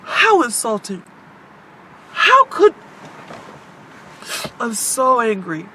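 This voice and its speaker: A high-pitched woman delivers a vlog monologue, her voice very animated and bright. She speaks bluntly and swears emphatically. She addresses her viewers directly. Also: drawn-out words, a little hiss or hum. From United States. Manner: blunt, heavily profane, emphatic. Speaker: vlogger.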